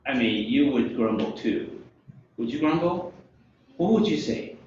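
Lively male Bible teacher, higher voice with big swings, echoey lo-fi room. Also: a little slow, a little hiss or hum. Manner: animated, asks listeners questions, laughs often. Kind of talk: interactive Bible lesson.

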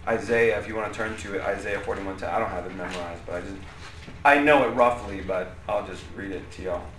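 A man teaches a Bible class in an easygoing, chatty way and keeps checking that the class is following. His voice is bright and clear. The room is echoey, with a faint hum of ambience behind him. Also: mid-range voice. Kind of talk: casual Bible lesson. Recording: roomy echo, faint room noise.

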